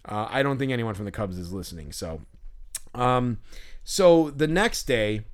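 A man's voice: mid-range voice, expressive, normal speed. A young adult man, co-host of a podcast, telling a long, rambling story in a casual chat, with lots of restarts and some swearing.

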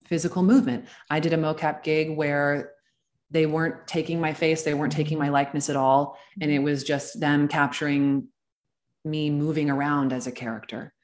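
A young woman speaks as a guest on a casual podcast, her voice pitched notably low. She explains things step by step in an unhurried, measured manner. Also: little pitch movement, a little mellow. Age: young adult. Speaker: actor guest. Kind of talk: casual chat.

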